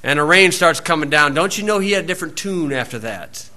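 Bright-voiced folksy male preacher. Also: a little high, lively intonation, fast talker. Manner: folksy storytelling, acts out voices, loud shouted quotes. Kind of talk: sermon.

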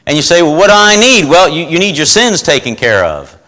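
Folksy male preacher, slightly high, tense bright tone, scripture reading and questions to the congregation. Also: sing-song, brisk, low-quality recording. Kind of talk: informal sermon with scripture reading.

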